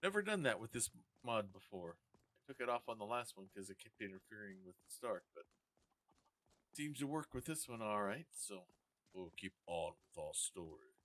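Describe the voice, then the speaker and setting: A man playing through a game in character, speaking in terse, halting lines with occasional asides as himself. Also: on the low side, very animated, fairly bright tone. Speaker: game role-player.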